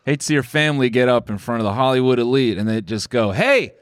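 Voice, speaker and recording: A man's voice: mid-range voice, quick pace, clear, resonant tone, no echo, studio quality. A man hosting a comedic podcast, rambling sarcastically and laughing often between jokes. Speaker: podcast host. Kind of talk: casual comedic podcast chat.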